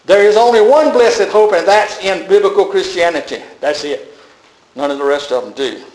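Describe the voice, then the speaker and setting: A man's voice: high-pitched, lively intonation, moderate pace, a little mellow, echoey room, poor audio. A man preaching a sermon emphatically, often repeating words and restarting.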